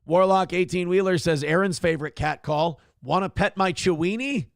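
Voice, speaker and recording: A man with a fairly high, gravelly voice hosts a casual morning talk show. He reads out viewer comments in a crude, joking, mock-announcer manner. The sound is dry and close. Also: moderate pace, no echo. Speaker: host of a live internet morning show. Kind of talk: casual comedic chat, reading viewer comments aloud.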